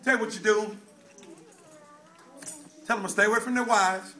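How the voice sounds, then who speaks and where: A man preaching a sermon in a fiery call-and-response style, shouting at times and dropping low at others. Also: fairly even intonation, moderate pace, a little hiss or hum.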